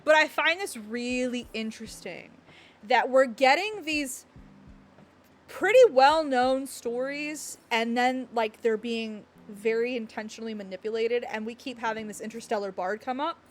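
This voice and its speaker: Excited lady streamer, high voice, talks fast and rambles, keeps laughing and saying sorry. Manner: animated and rambling, laughs and apologizes often; gestures and hits the desk when excited. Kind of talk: excited livestream chat reacting to a game. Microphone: desk mic picking up thumps.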